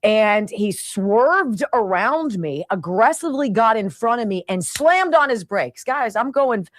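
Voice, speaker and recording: A woman in her fifties hosting a radio show, telling stories in a chatty, animated way. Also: on the high side, a little slow, no room sound, clean studio sound. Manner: chatty, animated storytelling with sound effects and laughs. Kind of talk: casual monologue. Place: radio studio.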